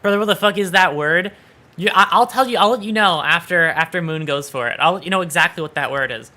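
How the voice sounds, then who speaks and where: A man's voice: a little high, quick pace, sharp tone. A man streaming live, chatting casually and teasing his viewers, with playful swearing. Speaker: VTuber streamer.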